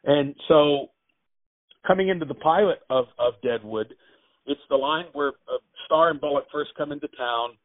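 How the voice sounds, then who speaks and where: A man, an actor and writer, telling animated anecdotes in a casual interview. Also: on the high side, moderate pace, no echo. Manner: animated anecdotes, acts out quotes. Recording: tinny phone-like line, dry.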